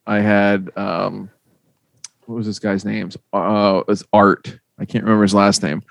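A Midwestern man hosting a casual podcast, his lowish voice full of gravelly fry. He tells stories with animated, profane energy. The sound is dry and close to the mic. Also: a little slow, dry recording. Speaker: podcast host. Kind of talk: casual chat.

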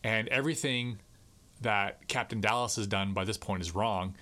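A man's voice: fairly low pitch, normal speed, pushed and bright. A man co-hosting a podcast, talking emphatically about a film with plenty of filler words and the odd curse. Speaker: podcast co-host. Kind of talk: casual film discussion.

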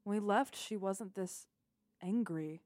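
Woman player, mid pitch, dry close sound, casual, thinking aloud. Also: slow, a little mellow, dry recording. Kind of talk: casual chat at a game table.

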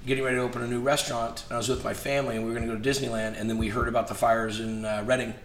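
Very fast and mid-range, his voice races through casual stories he tells as an interview guest, acting out every bit of quoted dialogue with animation. Faint noise sits in the echoey room.

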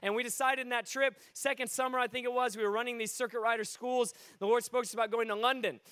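A high-voiced man preaching to a crowd, telling lively stories that climb from hushed asides to shouted peaks. The sound is close and dry, with little room echo. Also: fast, clear, resonant tone. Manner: animated, swings between hushed and shouting. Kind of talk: sermon storytelling.

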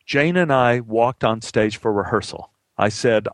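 A man's voice: medium pitch, unhurried, no echo. A man telling a personal story aloud with a vivid, dramatic delivery.

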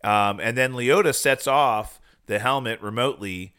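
A man's voice: mid-range voice, clear, resonant tone. A man in a casual chat, animatedly retelling a TV episode and acting out the characters' lines. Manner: animated retelling, acting out dialogue in quick voices. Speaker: podcast co-host.

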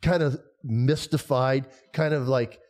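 A man's voice: medium pitch, steady tone, slow, a little mellow. A man in a casual discussion, talking earnestly and thinking aloud with fillers.

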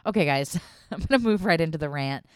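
A woman with a low, smooth voice hosts her podcast in a loose, candid monologue, pausing on ums and restarting her sentences. The sound is close and dry, with no room around it. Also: expressive, no echo. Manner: candid, chatty, swearing, frequent ums and self-restarts. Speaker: podcast host.

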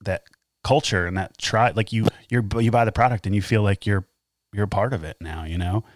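A man's voice: lowish voice, fairly quick, no echo. A man chatting casually and loosely, rambling a bit as he talks. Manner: relaxed, rambling, with fillers. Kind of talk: casual chat.

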